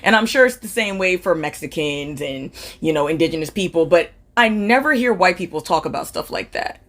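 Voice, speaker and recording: A woman's voice: fairly low pitch, expressive, a little fast. A woman talking conversationally to camera, posing a question to her viewers. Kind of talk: social media video question.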